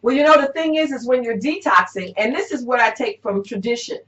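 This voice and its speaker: A woman hosting a casual interview as an herbalist, talking in a relaxed, drawn-out way with many fillers. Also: a little high. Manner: relaxed, drawn-out, with frequent "you know" and "um". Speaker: herbalist host. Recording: roomy, dull-sounding recording.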